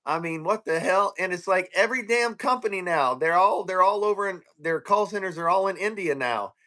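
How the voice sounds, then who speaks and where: A man's voice: sits high, fairly quick, pushed and bright. A man telling a profane, ranting story in casual chat on a live stream.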